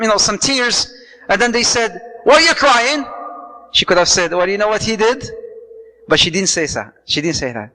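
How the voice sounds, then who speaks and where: A man giving a lively sermon on marriage as a preacher, telling stories, acting out the people in them and mixing in Arabic phrases. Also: high-pitched, in a large hall, low-quality recording. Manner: lively storytelling, acts out quoted voices, mixes in Arabic phrases.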